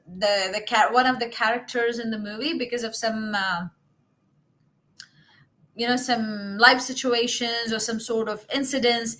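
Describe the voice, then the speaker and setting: A woman's voice: fairly high pitch, pushed and bright. A woman hosting a casual livestream English lesson, coaching her viewers in an encouraging, chatty way, with fillers and self-corrections. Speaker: English teacher, livestream host.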